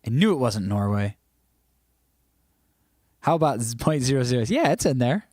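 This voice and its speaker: A man with a medium-pitched, darkish voice hosts a livestream, swinging his pitch widely at a moderate pace as he chats casually and reacts to viewer comments. His throat is a bit scratchy, and the sound is clean studio audio with no echo.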